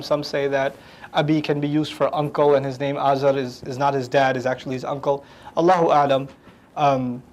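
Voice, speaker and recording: A man teaching a lecture on the language of the Quran, animated and humorous, acting out quotes. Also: on the high side, low-quality recording.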